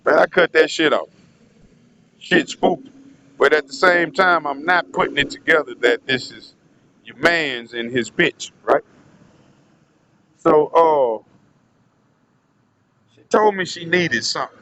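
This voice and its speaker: A man's voice: a little high, unhurried, long pauses, noisy background. A man telling a rambling, profane story in a casual vlog monologue, often turning to speak to his audience. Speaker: vlogger.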